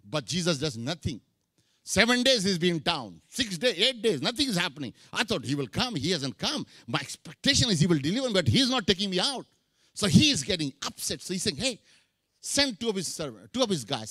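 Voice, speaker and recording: A man's voice: high-pitched, sing-song, brisk, bright, forceful tone, breathy edge, no room sound, studio quality. A middle-aged man preaching a sermon, mixing English with Hindi phrases. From India. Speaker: pastor.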